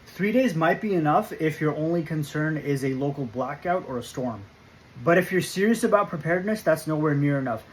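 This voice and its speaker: A man with a slightly raised voice talks through a scripted prepping explainer. He is firm and emphatic, and he spaces his points in a measured rhythm. A faint hum of noise sits under the recording. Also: a little high, poor audio. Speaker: prepping channel host.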